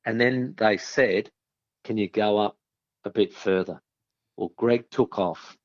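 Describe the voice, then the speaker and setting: Animated Australian male guest, storyteller, medium pitch, muffled dull line. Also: takes it slowly. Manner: animated storyteller, acting out voices, laughing. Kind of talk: storytelling anecdote.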